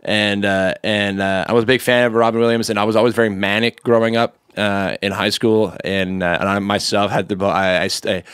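A young comedian from Montreal talks at a breakneck clip in a casual podcast chat. He sounds manic and high-energy, swears freely, and breaks into voices now and then. The mic is close and the sound is completely dry. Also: flat delivery, brisk, hardly any pauses, fairly bright tone, smooth, dry recording. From Montreal, Canada. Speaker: stand-up comedian, podcast guest.

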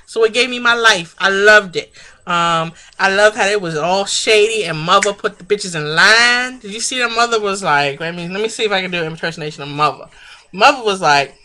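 A woman's voice: mid-range voice, brisk, sharp tone. A woman giving a casual, sassy and profane vlog review of a reality show, chatty and laughing often.

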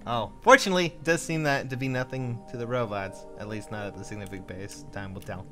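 A young man playing a video game with friends, reading its text aloud in halting starts and joking around. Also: medium pitch. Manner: reads on-screen text in halting starts, playful. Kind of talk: casual lets-play commentary with joking character voices. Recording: faint game music behind.

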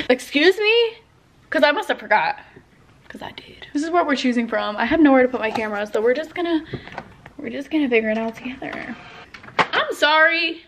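A young woman chatting casually to the camera in an animated vlog at home, often talking to herself. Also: on the high side, a little hiss or hum. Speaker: vlogger. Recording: echoey room, camera at a distance.

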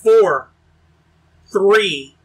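A man narrating an audiobook, voicing a calm, steady male shuttle commander who gives orders to his crew. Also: high-pitched, drawn-out words, husky, exaggerated voice, rough recording. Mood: calm, commanding. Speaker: mission commander.

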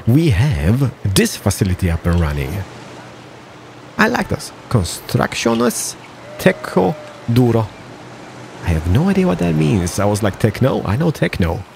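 A man's voice: lowish voice, normal speed, creaky, background noise. Playful man commentating a game. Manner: playful, excitable, jokey asides. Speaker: gameplay video host.

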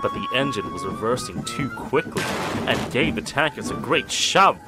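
A man narrating a children's story in an expressive storybook style. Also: mid-range voice, normal speed. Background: music.

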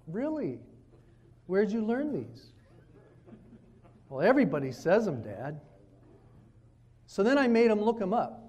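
A man preaching at a retreat, telling stories and acting out his children's lines in a lively, varied way. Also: fairly high pitch. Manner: storytelling preacher, animated, quotes his kids. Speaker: pastor. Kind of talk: sermon at a retreat. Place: retreat meeting room.

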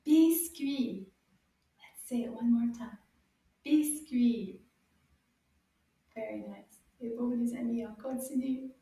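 Lady teacher for kids, very echoey room, bit far from the mic, repeats words slow and clear. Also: a little high, mellow. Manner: encouraging, repeats words clearly, gives sound clues. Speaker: French teacher for children.

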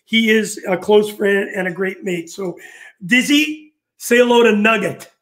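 A man hosts a live interview in a chatty, joking way. His voice sits high for a man. He keeps the talk light and full of banter. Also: measured pace, a bit bright. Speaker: host. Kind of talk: casual live interview chat.

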